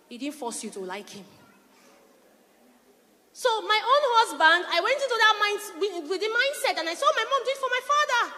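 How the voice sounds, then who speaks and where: A middle-aged woman pastor preaching a sermon, telling lively stories and acting out her husband's words. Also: sits high, a little hiss or hum. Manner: animated storytelling, quotes her husband. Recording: long reverberant hall.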